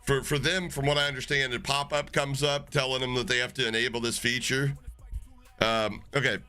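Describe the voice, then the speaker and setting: Guy streamer rambling to chat, cusses a lot, bright kinda forceful voice. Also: mid-range voice, brisk, clean tone, soft background music. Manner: loose, profane and excitable, reacting to chat. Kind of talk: casual live-stream chat.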